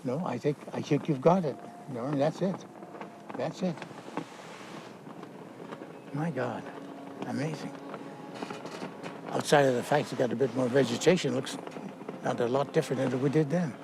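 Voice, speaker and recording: An older man, a war veteran, recounting his memories outdoors in a halting way, with many fillers and restarts. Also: mid-range voice, vocal fry, noisy background.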